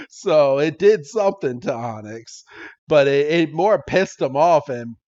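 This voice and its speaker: Excitable podcast host on muffled audio. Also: male voice, a little high, measured pace. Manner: excitable, swears casually, laughs often. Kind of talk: casual episode recap.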